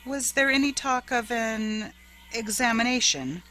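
A woman narrator voices a placid, composed middle-aged widow with calm, even speech. The voice sits a touch higher than the narration and sounds bright. Faint music plays far back. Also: measured pace.

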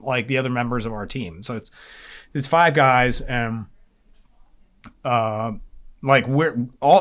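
A man talks casually on a recovery podcast. His voice sits at an ordinary middle pitch. He rambles, swears freely and keeps restarting his sentences as he tells a long story. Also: a bit bright. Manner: rambling and profane, with many fillers and restarts. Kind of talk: casual chat.

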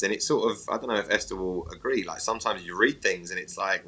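English man, 30s, low bright voice, rambling chatty interview guest. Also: fast, hardly any pauses, slightly rough, poor audio. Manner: rambling, self-mocking, teasing. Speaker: actor guest. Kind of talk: casual interview chat.

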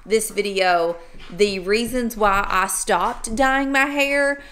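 A middle-aged woman chatting to her camera, her voice bright and forward. She talks to her viewers as "y'all" in an easygoing, playfully sarcastic way. She sits at a middle pitch for a woman. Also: slow pace. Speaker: vlogger. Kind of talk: casual chat to camera.

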